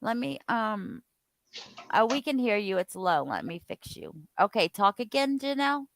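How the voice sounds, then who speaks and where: A woman's voice: a little high, big pitch swings, normal speed, gravelly, a little hiss or hum, low-quality recording. A woman hosting a casual live-stream chat, talking playfully and laughing often.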